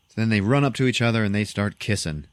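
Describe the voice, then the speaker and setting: A man with a low voice tells a movie's story on a podcast. His pitch swings widely and he laughs often, and his profane manner stays casual. The sound is dry and close. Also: smooth, no echo. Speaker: podcast host.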